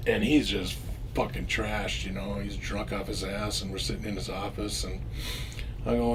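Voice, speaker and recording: A man's voice: fairly low pitch, fairly even intonation, moderate pace, slight background noise. A middle-aged man telling a rambling, profane first-person story, stopping and restarting often and acting out both sides of old conversations.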